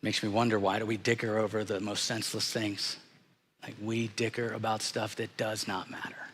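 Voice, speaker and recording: A pastor delivering a sermon in a church, speaking in an earnest, reflective way and dropping softly at the hard moments. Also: male voice, on the low side, level tone, moderate pace, slightly rough. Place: church sanctuary. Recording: church sanctuary with long reverb.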